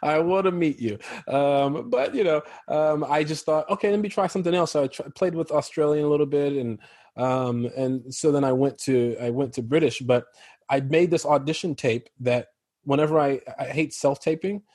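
An American man, an actor from Chicago, telling stories in a casual interview, animated and quick to laugh. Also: a little high, no echo. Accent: General American. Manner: animated storyteller, laughs often. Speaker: actor guest.

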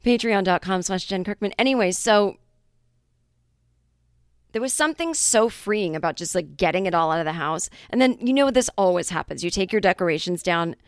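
A woman hosting her comedy podcast, talking in a chatty, self-mocking monologue with quick asides. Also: on the low side, clear, resonant tone, no echo, studio quality.

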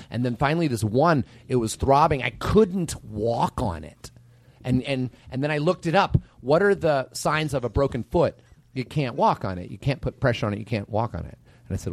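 A middle-aged man, a podcast guest, telling a story in casual chat, animated and prone to repeating himself. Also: medium pitch, normal speed, no echo.

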